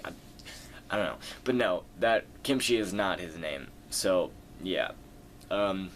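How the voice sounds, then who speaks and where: A man's voice: on the low side, fairly bright tone, slight background noise. A man who makes a video series, answering viewer questions in a loose, rambling way, full of fillers and restarts. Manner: rambling, many fillers and self-corrections. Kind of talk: casual Q&A monologue.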